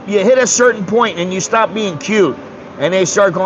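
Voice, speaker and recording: A man's voice: sits high, moderate pace, background noise. Rambling older man in his sixties. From United States. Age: 60s. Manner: rambling, blunt and profane. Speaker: streamer. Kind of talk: casual chat.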